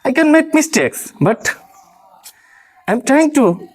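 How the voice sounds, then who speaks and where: A man from Bangladesh with a Bangladeshi English accent, an English trainer giving an earnest, encouraging motivational talk, halting often to correct himself. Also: very high voice, very animated.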